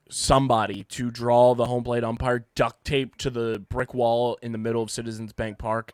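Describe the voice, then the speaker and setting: A man hosting a casual sports podcast, hoarse from having partly lost his voice, ranting and joking at himself. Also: mid-range voice, dry recording, clean studio sound. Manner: ranting, self-mocking banter. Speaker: podcast host. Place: home studio.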